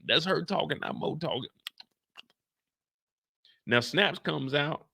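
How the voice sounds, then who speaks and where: A man hosting a casual recap of a TV episode, ranting in an animated, profane, slang-heavy way. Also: a little high, slow, vocal fry, no room sound. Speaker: TV show recap host.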